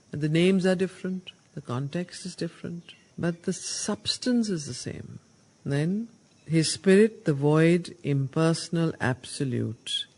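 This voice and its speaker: A woman leads a study circle, reading poetry aloud and pausing to explain it. She speaks very slowly and deliberately, leaning hard on single words and putting questions to her listeners. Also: mid-range voice, a little mellow. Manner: slow, emphatic recitation of verse, stressing single words; asks the group questions while explaining.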